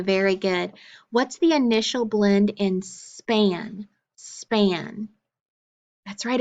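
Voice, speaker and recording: Slow, patient phonics teacher, woman. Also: mid-range voice, lively intonation. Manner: patient, sounds out letters and praises answers.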